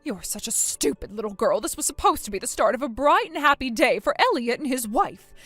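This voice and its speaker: A woman plays a stern mother who lays down the law in a text-message drama, cold and commanding. The voice sits high and swings widely in pitch. It is recorded dry and close, with faint music underneath. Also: expressive, fairly quick, a bit bright, no echo. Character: stern, scolding middle-aged mother. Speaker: voice actor.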